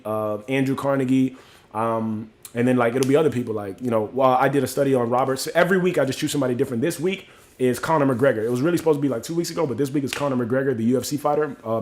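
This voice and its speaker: A man hosting a live stream, talking casually and motivationally to his viewers and reading out their comments. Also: medium pitch. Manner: talks straight to viewers, peppered with "you know what I'm saying"; reads out chat comments and names. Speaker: livestream host.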